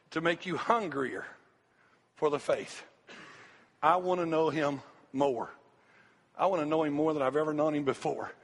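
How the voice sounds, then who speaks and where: A middle-aged man, preaching a sermon with an impassioned, repetitive cadence as a pastor. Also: a little high. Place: church sanctuary. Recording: long hall reverb, faint music.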